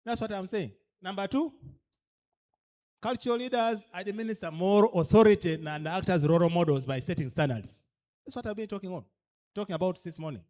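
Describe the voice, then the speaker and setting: Lecturing cultural leaders at an orientation, a Ugandan-accented man speaks a little fast in a high-pitched, darkish voice. He hammers home his points with rhetorical question after rhetorical question, alternating between English and a local tongue.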